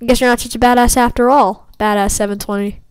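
A woman's voice: a little high, steady tone, quick pace, clear, resonant tone, no room sound, low-quality recording. Playful trash-talking woman gamer. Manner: playful trash-talk at opponents. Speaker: gameplay commentator. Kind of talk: casual gaming commentary.

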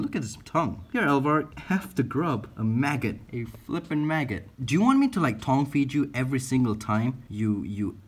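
A man hosting a casual feeding vlog, excitable, laughing often and coaxing his animals. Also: medium pitch, husky. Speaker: exotic pet keeper and channel host.

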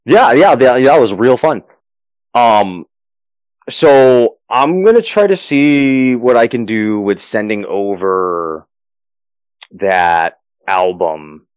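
A man's voice: medium pitch, animated, takes it slowly, clear, resonant tone, dry recording, low-quality recording. A man running a tabletop game as game master, narrating the finale and then chatting loosely with many fillers and restarts.

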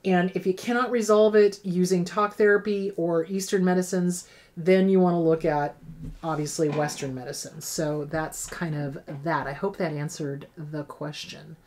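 A woman's voice: on the low side, steady tone, moderate pace, a little mellow. A middle-aged woman therapist hosting an advice show, answering viewer questions in a frank, emphatic way that repeats key points.

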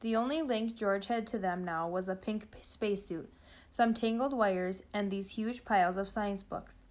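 A woman's voice: medium pitch, normal speed, a little mellow. Woman reading a storybook aloud. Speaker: reader.

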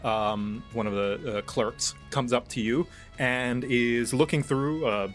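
A man narrating a tabletop game as game master, in a casual, halting way full of fillers. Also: medium pitch, fairly even intonation, soft background music.

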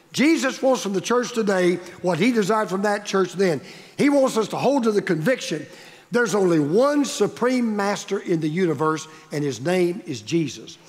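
A male pastor preaching a sermon, emphatic and repetitive, building up stress on key words. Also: high voice. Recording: long reverb of a large hall.

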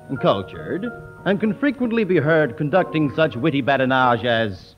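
Brief: male radio comedian, archival stand-up, mock-solemn patter, animated pitch. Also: normal speed, dull audio, music in the background.

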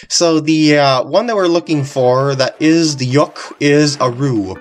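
A woman's voice: deep voice, slow. A woman casually commenting over a video game walkthrough, rambling and giggling. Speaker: gameplay commentator. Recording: faint game music behind.

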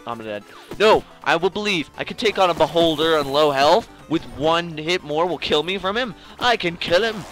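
A young man chatting casually through a video game run, joking and talking straight to the enemies. His fairly high voice leaps up and down in pitch. Faint music plays behind him. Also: normal speed, hardly any pauses. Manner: excitable, jokey, talks to the game and enemies. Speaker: gaming channel host. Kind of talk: casual gameplay commentary.

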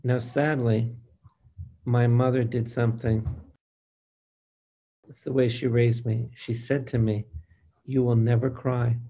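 An older male priest preaching a Bible study with a gravelly, creaky voice. He speaks slowly and with emphasis, putting questions straight to the room and calling for amens. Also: medium pitch, level tone, warm tone. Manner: slow, emphatic preaching that speaks to the listeners directly and asks them for amens. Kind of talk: preaching to a live group.

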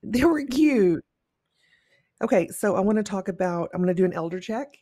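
A mid-pitched co-host on an unscripted podcast, upbeat and quick to laugh while running through a list of topics. The sound is dry and close. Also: steady tone, mellow, dry recording. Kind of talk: unscripted casual chat.

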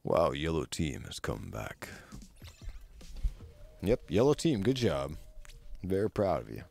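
A man streaming a video game, chatting casually and excitably with his friends, swearing now and then. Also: slow, vocal fry. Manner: excitable, swears, pitch jumps when hyped. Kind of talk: casual gameplay commentary. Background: faint game music.

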